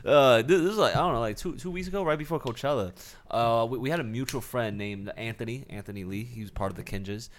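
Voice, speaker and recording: A man's voice: medium pitch, fast. A man hosting a podcast in casual chat, playful, stammering and often repeating words.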